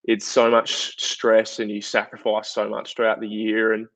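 A young Australian man, a guest footballer, telling a story in a chatty, animated way full of fillers. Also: lowish voice, normal speed, no echo. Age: young adult. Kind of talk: casual interview storytelling. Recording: dull, dry lo-fi podcast audio.

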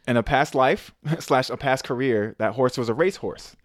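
A man's voice: medium pitch, normal speed, dry recording, clean studio sound. A man co-hosting a podcast, telling a story with lots of swearing. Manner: animated storytelling, swears a lot. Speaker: podcast co-host. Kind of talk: casual chat.

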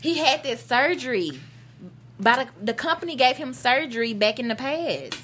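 A woman's voice: high voice, animated, normal speed, a bit bright, slight background noise. A woman co-hosting a casual panel chat, eager and loose with her grammar. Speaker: co-host.

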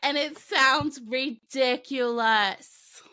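A woman with a light Southern American twang co-hosts a relaxed podcast chat. Her voice is bright and a touch high, and she takes her time, teasing and laughing between lines. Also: drawn-out words, smooth. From United States. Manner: laughs often, teasing and chatty. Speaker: podcast co-host.

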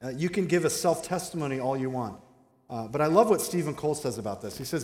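A man's voice: a little high, animated, fast talker, a little mellow. A man in his thirties preaching a sermon in a conversational, joking way, asking the congregation questions. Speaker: pastor. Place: large church hall. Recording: roomy hall with long reverb.

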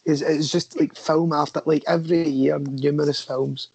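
A man's voice: on the high side, flat delivery, moderate pace, vocal fry, a little mellow, breathy edge, dry recording. A man co-hosting a casual film chat, swearing casually and tagging his remarks with questions. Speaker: podcast co-host.

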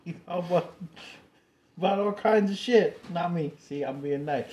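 A man's voice: high-pitched, normal speed, a little mellow, a little hiss or hum. A man co-hosting a casual podcast, reacting with laughter, teasing and swearing. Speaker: podcast co-host.

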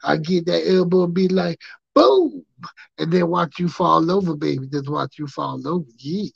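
A man's voice: a little high, steady tone, normal speed, gravelly, husky, dry recording, muffled recording, full character voice. A man doing a lisping, drawling wrestling legend. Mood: boastful. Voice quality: lisp. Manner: drawling "baby" at phrase ends. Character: folksy male wrestling talker, smooth-boasting.

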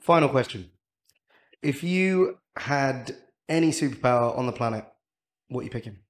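A man hosting a casual podcast interview, firing off quick questions and teasing his guest with plenty of laughter. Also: medium pitch, expressive. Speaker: podcast host.

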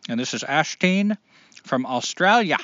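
A man's voice: a little high, lively intonation, measured pace, pushed and bright, no room sound, dull audio. Rambling, earnest male podcast host. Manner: rambling, earnest, with frequent fillers. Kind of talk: casual podcast chat.

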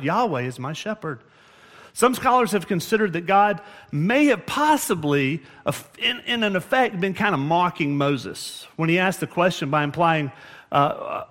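A man's voice: sits high, a bit bright. A man preaching as pastor in a church, explaining scripture earnestly and often restarting his phrases. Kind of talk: sermon. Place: church sanctuary.

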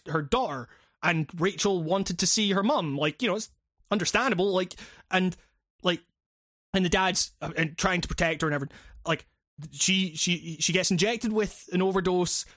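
A man talks through a game's story in loose, rambling chat, peppered with swearing and restarts. His voice sits high for a man. The recording is close and dry, with no room sound. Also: a bit bright, no echo. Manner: rambling, profane, with many fillers and restarts. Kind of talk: casual chat recapping a video game.

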